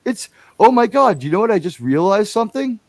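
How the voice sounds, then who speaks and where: A man's voice: sits high, big pitch swings, fairly quick, no echo. A man hosting a casual livestream, rambling and chatty, with enthusiastic, profane asides. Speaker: livestream host.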